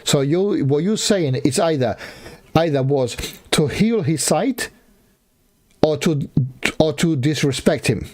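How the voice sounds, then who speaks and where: A man's voice: fairly high pitch, lively intonation, slow, darkish tone. A man ranting in a reaction video, swearing heavily and mocking the speaker he is watching. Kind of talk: profane ranting reaction commentary.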